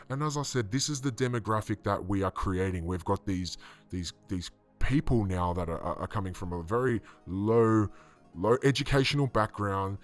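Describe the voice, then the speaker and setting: Indignant man, low voice. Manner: indignant, rambling, with frequent fillers and restarts. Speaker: online commentator. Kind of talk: casual commentary on a video clip.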